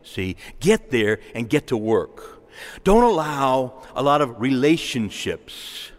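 Lively preaching priest in a reverberant church. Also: male voice, mid-range voice, slow. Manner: conversational preaching with asides and repetitions. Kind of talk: sermon.

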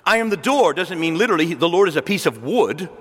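Animated male preacher in a reverberant hall. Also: on the high side, fast, slight background noise. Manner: animated, conversational storytelling with quoted dialogue. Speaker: Catholic preacher. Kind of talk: sermon.

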